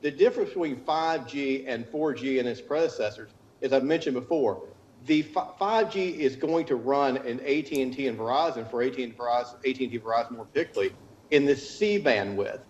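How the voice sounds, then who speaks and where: A man's voice: mid-range voice, fairly quick, darkish tone, lo-fi sound, slight background noise. A man from the United States, a consultant giving a news interview, explaining at length with restarts and careful hedging. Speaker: interview guest, cell tower consultant.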